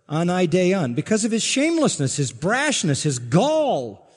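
A man preaching an expository sermon, emphatic, swinging from loud exclaims to low asides and asking the congregation questions. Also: big pitch swings, a little slow, in a large hall. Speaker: pastor.

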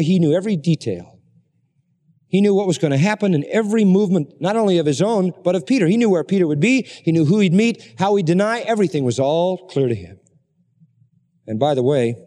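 A man preaching a sermon, emphatic, building his voice up to high, intense peaks. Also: warm tone. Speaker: pastor. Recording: long hall reverb.

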